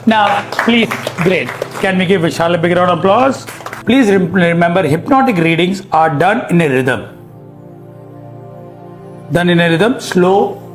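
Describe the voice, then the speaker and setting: A high-pitched man with an Indian English accent teaches a live class, pressing his points with emphatic rhetorical questions. His voice rings around an echoey hall with faint music underneath. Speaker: hypnosis coach.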